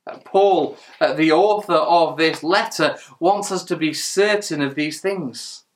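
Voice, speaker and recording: A man's voice: a little high, unhurried. A man preaching a sermon in church, earnest and emphatic, asking rhetorical questions as he reads and explains scripture.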